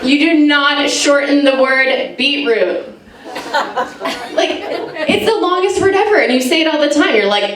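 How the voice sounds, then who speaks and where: An American woman in her thirties performs a self-mocking stand-up set. Her voice comes from some way off the mic and rings around a very echoey room. An audience laughs clearly behind her. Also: high-pitched, lively intonation, moderate pace, far from the mic, crowd noise. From United States. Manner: chatty, self-mocking, lots of "like". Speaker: stand-up comedian. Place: live comedy venue with audience.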